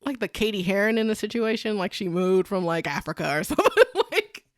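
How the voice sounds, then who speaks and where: A woman's voice: medium pitch, brisk, dry recording, clean studio sound. A young woman co-hosting a casual podcast chat, giggly and chatty, filling her talk with likes and ums. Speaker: podcast co-host.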